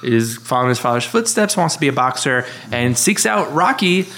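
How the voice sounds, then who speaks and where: A man's voice: mid-range voice, sing-song, a little fast, a bit bright. Laughing, hesitant man in his thirties. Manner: hesitant, many fillers, laughs often. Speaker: podcast co-host. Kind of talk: casual chat.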